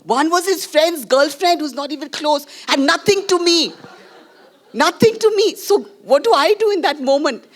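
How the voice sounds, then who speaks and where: A middle-aged Indian woman filmmaker speaks to an audience after a screening, her voice pitched a little high. She tells her story candidly and emotionally in Indian English. She throws in quick asides and Hindi phrases. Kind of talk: post-screening conversation with an audience. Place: screening venue before a live audience.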